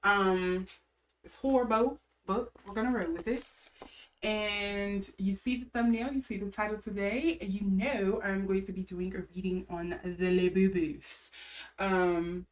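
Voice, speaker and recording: A woman tarot reader rambles casually to her viewers from her bedroom, stopping to correct herself and filling pauses with ums. She slips into a vague put-on accent. Her voice sits a little away from the microphone, at a middle pitch. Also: far from the mic, rough recording. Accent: an odd put-on accent she cannot place. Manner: rambling, chatty, with frequent ums and self-corrections. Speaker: tarot reader and channel host. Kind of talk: casual chat to camera. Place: her room at home.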